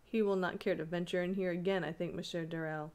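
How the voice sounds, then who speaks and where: Woman reader as male gardener, calm, assured, low-key; storybook. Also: fast, clear, resonant tone, natural voice.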